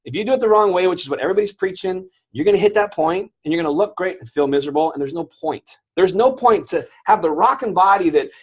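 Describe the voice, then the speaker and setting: A man in his thirties, a guest on an interview show, telling his own story with animated quoted voices. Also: high-pitched, fast, few pauses, breathy edge.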